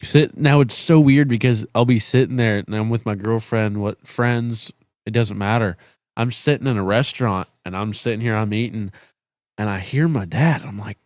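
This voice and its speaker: A man's voice: lowish voice, normal speed, a little mellow, dry recording. A young man on a podcast who tells stories animatedly, acting out quotes and repeating himself. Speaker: podcast guest. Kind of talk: casual storytelling chat.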